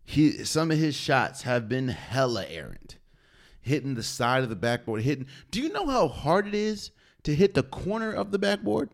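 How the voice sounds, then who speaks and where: A man's voice: a little high, very animated, normal speed, gravelly. A man hosting a solo sports podcast, talking casually and opinionated, with slang and rhetorical questions. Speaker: podcast host.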